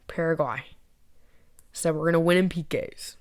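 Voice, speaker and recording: A woman's voice: low-pitched, moderate pace. A young woman chatting casually to camera as a vlogger, rambling, giggly and poking fun at herself. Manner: rambling, giggly, self-mocking.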